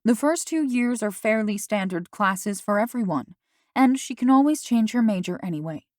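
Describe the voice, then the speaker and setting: A woman voicing a mother who gently questions her daughter, in an audiobook. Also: mid-range voice, lively intonation, moderate pace, no room sound, clean studio sound, lightly acted. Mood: gentle.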